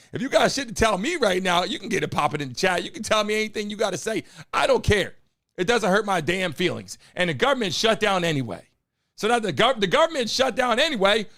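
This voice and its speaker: A loud man with a slightly froggy, hoarse voice hosts a live stream and talks straight to his viewers. He speaks high and quick, jumping up and down in pitch, and swears freely. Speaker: host of a live call-in show. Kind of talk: live streamed talk show.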